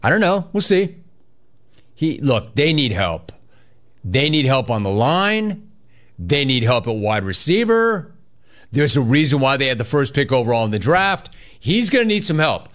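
A man hosts a casual sports talk radio show. He is energetic and chatty and talks in quick bursts. His pitch sits in the middle of the male range. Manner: energetic, fast bursts, reads listener chat aloud.

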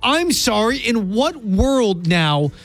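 A man's voice: sits high, very animated, slow, faint music behind. A man co-hosting a sports talk show, arguing his points emphatically and with rising disbelief. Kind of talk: heated sports debate.

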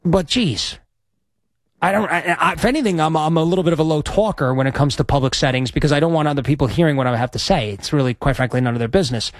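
A man with a fairly high voice rambles on as a sports radio host, chatty and self-deprecating. His voice is close and dry, with no room sound around it. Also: fast talker, dry recording. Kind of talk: casual radio chat. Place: radio studio.

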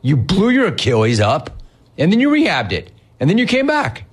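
A man's voice: a little high, wildly swooping pitch, moderate pace, breathy edge. A man hosting a sports talk show, ranting in a sarcastic, mocking, incredulous way. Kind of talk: opinionated sports rant.

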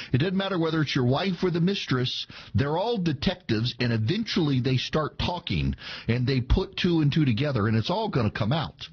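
A man's voice: fairly high pitch, breathy edge, lo-fi sound. A man giving casual political commentary, chatty with sarcastic asides and frequent fillers. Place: Tulsa, Oklahoma.

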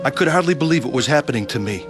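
A man narrating his own testimony with earnest, gentle sincerity and acting out the scenes. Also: mid-range voice, animated, very fast, music in the background.

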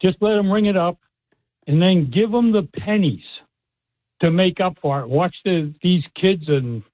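Boston guy calling in, tinny phone sound, dry, kinda high voice, easygoing. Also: unhurried, no echo. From Massachusetts. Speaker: caller. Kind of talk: phone-in chat.

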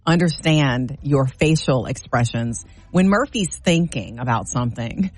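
A woman's voice: rumbling low, measured pace. A middle-aged woman co-hosting a morning radio show, telling stories with lots of laughter in casual banter. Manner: animated storytelling, laughs often.

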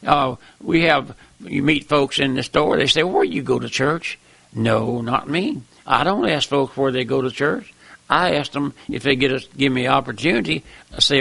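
An older man preaching a fiery sermon, with impassioned, repetitive emphatic calls and a gravelly voice. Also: on the high side, expressive, moderate pace, fairly bright tone, dry recording.

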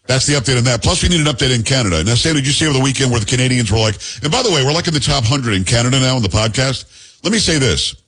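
A man's voice: mid-range voice, lively intonation, very fast, a bit bright, breathy edge. A man hosting a podcast, talking in a joking, rambling, teasing way. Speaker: podcast host. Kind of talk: casual podcast chat.

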